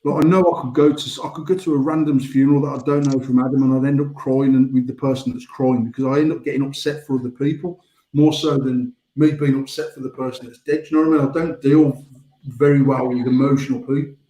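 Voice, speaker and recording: A man's voice: mid-range voice, steady tone, fast talker, warm tone, roomy sound, poor audio. A British man in his forties telling rambling stories in casual banter, swearing freely. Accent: British English. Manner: rambling storytelling, frequent swearing. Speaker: podcast host.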